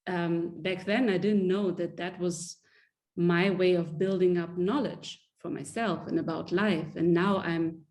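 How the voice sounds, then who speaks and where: Earnest woman with a mellow voice. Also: lowish voice, fairly even intonation, a little slow. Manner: earnest, restarts sentences often. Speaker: guest. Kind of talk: reflective interview talk.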